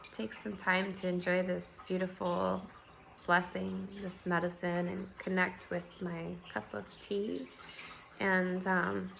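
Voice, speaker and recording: A woman vlogger with a scratchy, just-woken voice, chatting casually at home, relaxed and rambling with fillers and soft laughs. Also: medium pitch, creaky. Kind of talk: casual morning chat to camera.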